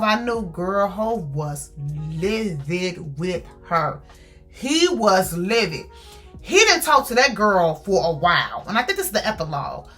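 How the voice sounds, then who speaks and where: Chatty woman reviewing a book. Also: mid-range voice. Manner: chatty, animated retelling with acted quotes.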